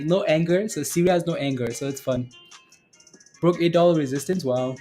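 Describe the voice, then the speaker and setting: A man's voice: fairly high pitch, normal speed, mellow, faint music behind. A man hosting a live stock trading stream, chatting casually with viewers, often laughing and repeating himself. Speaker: stock trading livestream host.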